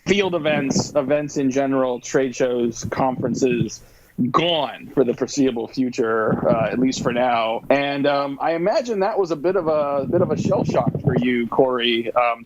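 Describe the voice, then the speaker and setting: Brief: relaxed man host, clear hiss and clicks behind. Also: mid-range voice, highs cut off. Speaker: podcast host. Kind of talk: casual podcast conversation. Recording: noisy recording with clicks.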